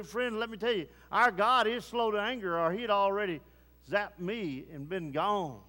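Male preacher, fervent sermon delivery, high-pitched, long reverb. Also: moderate pace, sharp tone. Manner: fervent, swings between low grave tones and rising urgency.

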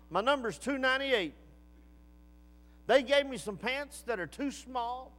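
A weary young army draftee , as a male preacher puts him on, complaining plaintively in a letter home. The voice is very high for a man. It echoes with a long reverb through a large hall. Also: fairly bright tone.

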